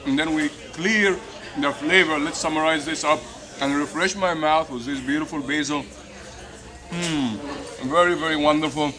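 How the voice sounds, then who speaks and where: A middle-aged man eating and reviewing a meal, effusive and a little hoarse from hot pepper. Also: a little high, steady tone, normal speed. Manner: enthusiastic, repeats "delicious" and "beautiful". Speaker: food vlogger. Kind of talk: casual food review while eating. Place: busy restaurant, indoors. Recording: noisy restaurant with crowd chatter. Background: crowd chatter.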